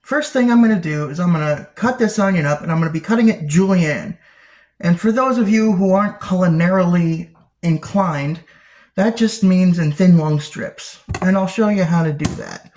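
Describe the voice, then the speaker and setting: A man's voice: sits high, normal speed, darkish tone. A man hosting a casual cooking demonstration, chatty and playful, with silly sound effects and jokey asides. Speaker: cooking show host.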